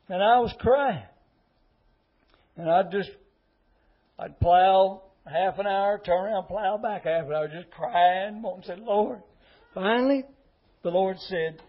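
A man's voice: sits high, muffled recording. A middle-aged man, an associate pastor giving an earnest, emotional testimony sermon. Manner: emotional, earnest, repetitive pleading.

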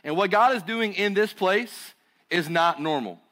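A man with a Southern accent preaches as a guest pastor. He tells stories in an energetic, joking way. His voice is fairly high for a man. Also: measured pace. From Burlington, North Carolina. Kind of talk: sermon.

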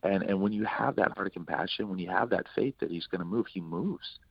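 A man, a ministry partner and guest, telling an anecdote in an interview in a lively, animated way. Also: low voice, brisk, gravelly, husky, dry recording, muffled recording. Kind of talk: anecdote in a talk-show interview.

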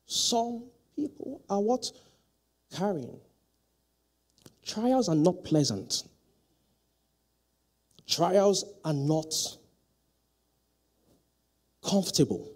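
Man preaching in church, husky voice that jumps way up and down, throws questions at the crowd and gets loud on the big lines. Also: high voice, drawn-out words, pauses often. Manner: lively call-and-response preaching, rising to loud emphatic peaks. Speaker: pastor. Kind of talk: sermon. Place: church hall.

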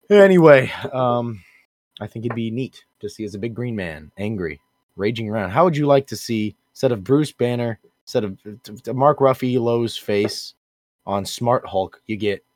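A man's voice: on the low side, no echo. Rambling laid-back man, dry sound. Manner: rambling, self-deprecating, playful. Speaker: podcast co-host. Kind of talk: casual group chat.

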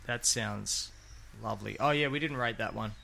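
A man co-hosts a relaxed chat, talking in a jokey, rambling way. His voice is gravelly with a bright, forward edge. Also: fairly low pitch, normal speed. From Australia. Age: 50s. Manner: jokey, rambling, laughs often. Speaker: podcast co-host. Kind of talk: casual chat.

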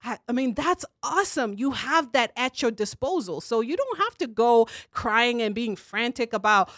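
Earnest, preacherly woman with a higher voice. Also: sing-song, moderate pace, few pauses, fairly bright tone, no echo, studio quality. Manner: earnest, preacherly, acts out quoted prayers. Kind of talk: casual faith discussion.

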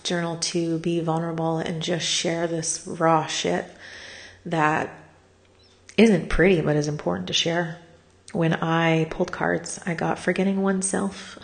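Tired, gravelly woman telling a raw story. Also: lowish voice. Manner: candid, swears freely, laughs through pain; drops to a whisper at times. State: worn out from crying. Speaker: vlogger sharing a personal story. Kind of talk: raw confessional monologue.

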